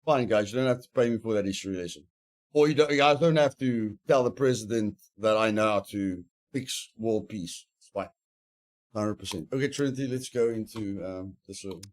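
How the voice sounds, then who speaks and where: While streaming a survival game, a man chats casually, rambling and cracking mock-serious jokes. His voice is on the low side and darkish, at a moderate pace.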